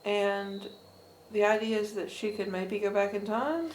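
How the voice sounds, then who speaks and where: A woman co-hosting a casual outdoor chat, tossing in quick, wry remarks. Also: mid-range voice, echoey room, slight background noise, poor audio. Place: outdoors at a state park by a river.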